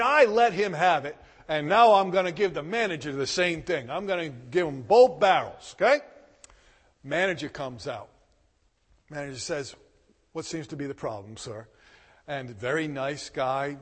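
A man preaching a sermon, telling a personal story with emphatic, animated delivery and loud bursts. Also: on the high side, normal speed, long reverb tail. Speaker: pastor.

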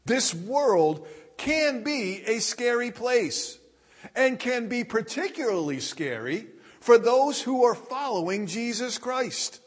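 Male pastor, high register, slow deliberate sermon delivery, echoing hall reverb. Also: lively intonation, breathy edge. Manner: deliberate preaching, reading scripture aloud.

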